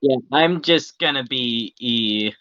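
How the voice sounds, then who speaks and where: A man playing a tabletop game, talking in an animated, rambling, slangy way. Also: medium pitch, takes it slowly, muffled recording, slight background noise. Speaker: player. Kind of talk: casual tabletop game chat.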